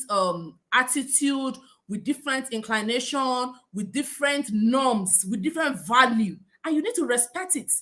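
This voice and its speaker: A middle-aged woman from Nigeria with a Nigerian accent, giving an animated talk and acting out the people in her anecdotes. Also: high voice. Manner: animated storytelling, acts out other people's voices, laughs often. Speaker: speaker.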